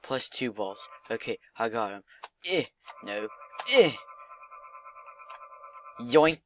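A man's voice: lowish voice, big pitch swings, a little slow, pushed and bright, a little hiss or hum. A young man giving casual gameplay commentary, muttering, swearing and mocking himself. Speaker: gaming commentator.

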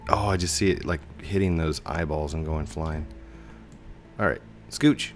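Male let's-play host, low slow voice that jumps around a lot, playful and goofy. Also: animated, gravelly, faint music behind. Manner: playful, silly sound effects and sudden high yelps. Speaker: gaming YouTuber. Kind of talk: casual let's-play commentary.

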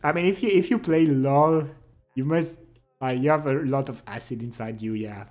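A man's voice: medium pitch, normal speed, a little mellow, faint music behind. A young adult man livestreaming, chatting casually with his viewers, reading their messages aloud and teasing them playfully.

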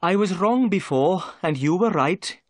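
A man putting on a high, humbled police inspector. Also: huge pitch swings, moderate pace, no room sound, studio quality, full character voice. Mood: earnest. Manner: apologetic, earnest.

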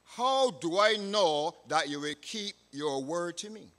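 A man's voice: high voice, expressive, takes it slowly, pushed and bright, exaggerated voice. A man voicing an honest young shepherd boy, earnest and steadfast in a sermon story, in a reverberant hall. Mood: firm, earnest.

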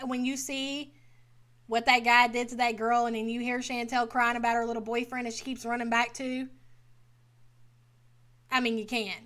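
Brief: woman reaction host, blunt and exasperated, a touch high-pitched. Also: pushed and bright. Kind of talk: casual commentary.

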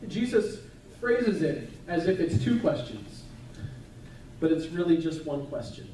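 A man's voice: fairly high pitch, sing-song, a little slow, dark tone, a little hiss or hum. Man preaching in an echoey church. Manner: conversational, chatty preaching with asides. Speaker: pastor. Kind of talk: sermon. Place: church sanctuary. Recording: echoey church hall, mic at a distance.

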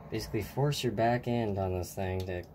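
A man with a lowish voice talks briskly while casually demonstrating a model truck build at a workbench. Tired, he rambles and trails off, speaking to himself as he works, with clear, steady noise in the background.

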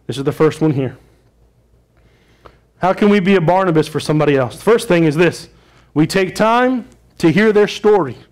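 A man preaching a sermon as pastor of his church, talking in a conversational way and putting questions to the congregation. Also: high-pitched.

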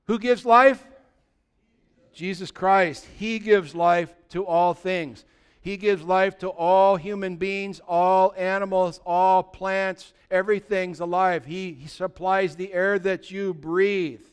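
A man's voice: high-pitched, fairly even intonation, slow pace, smooth. A male pastor, preaching a conversational sermon and calling out to his congregation. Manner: exhorting, conversational, calls out to congregation.

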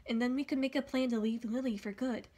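A woman's voice: a little high, steady tone, fast talker, warm tone, close to an everyday voice. A woman reading aloud, voicing an earnest, awkward young nobleman who speaks hesitantly and apologetically.

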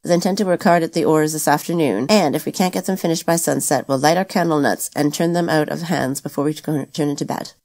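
A practical young castaway leader who speaks plainly and to the point, as a woman reads him. He sounds low and even and keeps a quick pace. The voice belongs to a storybook. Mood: matter-of-fact. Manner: plain, matter-of-fact.

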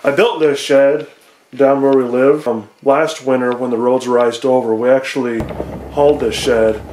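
A man's voice: medium pitch, little pitch movement, moderate pace, a little mellow, roomy sound, slight background noise. A young man vlogging from his phone in a small shed at night, talking casually with lots of fillers and rambling. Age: young adult. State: out of breath. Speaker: vlogger farmer. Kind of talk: casual vlog narration. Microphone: phone camera.

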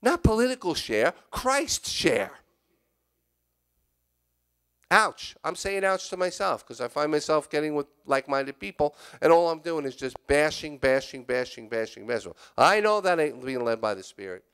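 A man's voice: fairly high pitch, very animated, moderate pace, hardly any pauses, fairly bright tone, clean tone. A man, a church elder, preaching a candid, confessional sermon that moves between spoken prayer and emphatic exhortation. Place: church sanctuary.

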